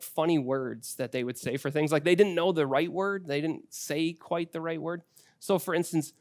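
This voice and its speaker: Storytelling male pastor, higher voice. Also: dry recording. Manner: conversational storytelling with personal anecdotes. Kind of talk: sermon.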